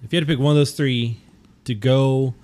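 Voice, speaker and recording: A man's voice: medium pitch, fairly even intonation, fairly quick, a little mellow. A young man co-hosts a loose podcast, teasing his partner and laughing easily. His talk is casual and chatty. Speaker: podcast co-host. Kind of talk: casual chat.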